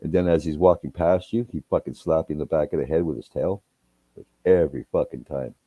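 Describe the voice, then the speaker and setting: A man's voice: a bass voice, steady tone, fairly quick, breathy edge, dry recording, muffled recording. A man telling rambling, profane anecdotes in casual chat. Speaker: storyteller.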